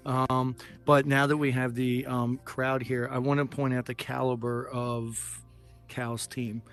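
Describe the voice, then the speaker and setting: A man speaking earnestly to an audience, halting with many fillers and restarts. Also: medium pitch, little pitch movement, fairly bright tone, clear, resonant tone. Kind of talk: casual speech to an audience.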